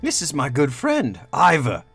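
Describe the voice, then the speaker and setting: A man voicing a smooth-talking, sly male gambler and trader who flatters and soothes. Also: on the high side, measured pace, dry recording, faint music behind, voice pushed up, heavily acted. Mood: soothing. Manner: flattering, unctuous, smooth persuasion.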